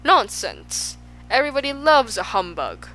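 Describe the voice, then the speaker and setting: A woman's voice: medium pitch, moderate pace, sharp tone, soft background music, lightly acted, rough recording. A woman putting on a pompous boastful humbug. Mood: blustering. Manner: blustering, grandiose.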